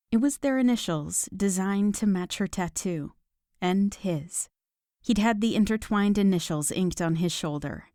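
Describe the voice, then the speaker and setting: A woman narrating a romance audiobook in a calm, even storytelling manner. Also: lowish voice, no echo, clean studio sound. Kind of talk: scripted narration.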